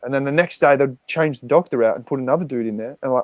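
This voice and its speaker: A man's voice: medium pitch, fast, hardly any pauses, a little mellow, no room sound. An Australian man, a podcast guest, telling a raw personal story with frequent swearing and rambling fillers.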